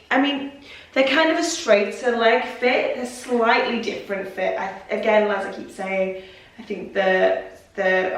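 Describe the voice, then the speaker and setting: A young woman chatting casually in a try-on vlog, repeating "really" for emphasis. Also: mid-range voice. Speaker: fashion vlogger. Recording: roomy and distant with faint noise.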